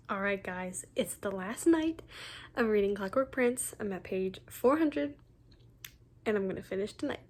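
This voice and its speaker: A woman's voice: mid-range voice, a little slow, a little mellow, slight background noise. A nineteen-year-old woman chatting casually in a reading vlog, gushing about a book with lots of ums and likes. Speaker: book vlogger.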